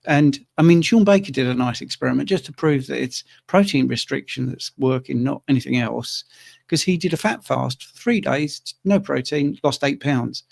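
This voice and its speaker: A man's voice: mid-range voice, moderate pace, gravelly, a little mellow. A man hosting a live Q&A, chatty and teasing his guest. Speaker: host. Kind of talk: live Q&A chat.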